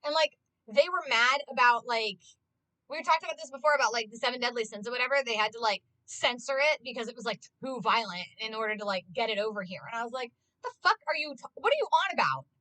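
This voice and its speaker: A woman's voice: a little high, quick pace, dry recording, poor audio. A woman streamer chatting casually and passionately, ranting with lots of swearing and "like". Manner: excitable, swears a lot, heavy use of "like". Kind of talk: casual live-stream chat.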